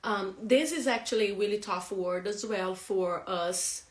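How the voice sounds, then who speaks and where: Non-native woman teaching pronunciation, unhurried delivery, laughs a lot, echoey room. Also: medium pitch. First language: not English. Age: adult with a young son. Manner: laughs often, repeats words slowly to model pronunciation. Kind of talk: casual pronunciation lesson.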